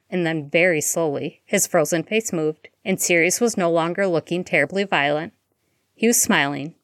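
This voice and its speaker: A woman reading a fan-fiction story aloud in a steady, even storytelling manner. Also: sits low, no echo, clean studio sound. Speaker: audiobook reader.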